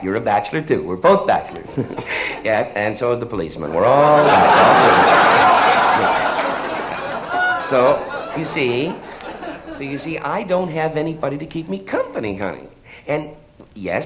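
A man delivering a comedy routine as one half of a phone call, stammering politely and getting flustered. His pitch swings widely from low mutters to high, exasperated peaks. The recording carries steady background noise. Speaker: stand-up comedian. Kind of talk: one-sided telephone comedy monologue.

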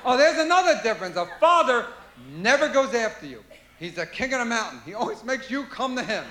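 A man performing a stand-up comedy routine, animated and shouting impressions of his parents, with audience laughter. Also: very high-pitched, a little fast, some chatter behind. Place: live comedy venue. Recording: echoey live room with noise.

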